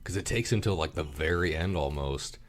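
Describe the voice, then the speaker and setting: A man's voice: a bass voice, fairly quick. A man co-hosting a movie review podcast, talking casually and animatedly, quoting lines and swearing often. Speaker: podcast co-host.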